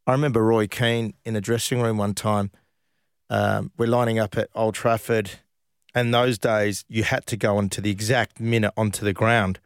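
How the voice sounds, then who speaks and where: Brief: chatty ex-footballer, lowish pitch, dry close recording, easygoing storyteller. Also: male voice, level tone, normal speed, clean tone, dry recording. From Australia. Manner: chatty, laughs while telling stories. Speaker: former professional footballer, guest. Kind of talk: casual interview storytelling.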